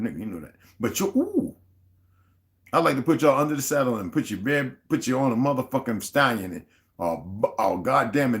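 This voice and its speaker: Man hosting his own livestream: a cursing, fired-up rant with big swings in pitch, mid-range voice, breaks off to greet viewers. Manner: profane, heated, animated ranting; greets viewers and reads their chat comments aloud. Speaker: livestream host.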